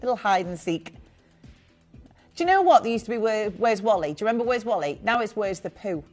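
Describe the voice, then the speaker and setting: A woman presenting live jewellery sales on a shopping channel, chatty and gushing with quick asides. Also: mid-range voice, expressive, darkish tone, faint music behind.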